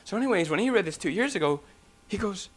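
A man's voice: sits high, animated, quick pace. A man preaching a sermon, talking emphatically with rhetorical questions and a few restarts.

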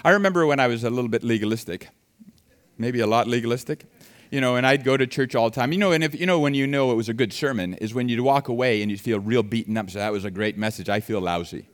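A man preaching a sermon, reading scripture and explaining it in an animated way that swings between soft and loud. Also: mid-range voice, fast.

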